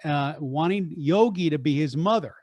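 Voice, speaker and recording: An older man, a radio deejay and voice artist, telling stories in an energetic, animated interview. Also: a little high, dry recording. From Texas, USA. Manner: energetic, animated, quick restarts. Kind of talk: storytelling interview.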